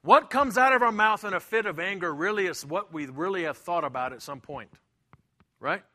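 A man's voice: high voice, lively intonation, normal speed, sharp tone. A middle-aged man preaching a sermon as pastor, emphatic and repetitive, sometimes acting out the voices of people he quotes. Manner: emphatic, acts out quoted voices, repeats himself.

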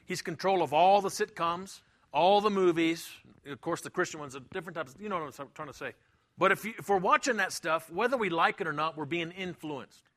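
A man's voice: on the high side, brisk, a bit bright. A middle-aged man preaching a sermon as pastor, emphatic and repetitive, sometimes acting out the voices of people he quotes. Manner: emphatic, acts out quoted voices, repeats himself.

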